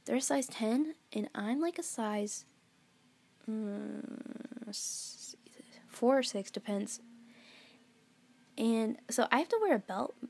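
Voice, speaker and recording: Her voice is high, a little mellow, and slightly rough as the teenage girl chats on her own podcast. She's at home lying on her bed, rambling casually with lots of fillers and giggles.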